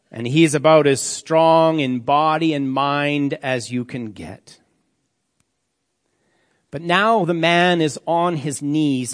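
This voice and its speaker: Male preacher, slightly high voice, unhurried and grave, sermon in a reverberant church hall. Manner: slow, solemn reading with dramatic drops to near-quiet.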